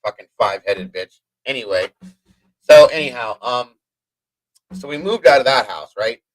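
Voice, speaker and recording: A man hosting a live stream, telling a long personal story in a rambling, profane, animated way. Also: mid-range voice, moderate pace, rough recording. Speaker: host. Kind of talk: livestream storytelling.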